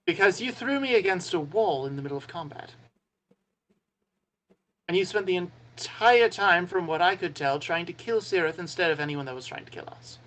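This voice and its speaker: A man's voice: high voice, expressive, normal speed, fairly bright tone, poor audio. A man playing a tabletop game, joking with the group and planning in character. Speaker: player. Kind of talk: casual tabletop game chat.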